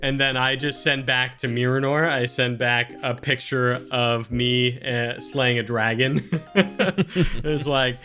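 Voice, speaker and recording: A man's voice: medium pitch, fairly even intonation, slow, bright, forceful tone, faint music behind. A man playing a tabletop game in casual chat, goofy and playful, often laughing. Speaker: player. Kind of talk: casual tabletop role-play.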